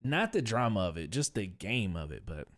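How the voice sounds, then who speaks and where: A man's voice: lowish voice, sing-song, moderate pace, fairly bright tone. A man hosting a sports reaction vlog, ranting in a blunt, slangy and profane way that rambles between points. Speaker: sports commentary vlog host. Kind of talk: casual reaction rant.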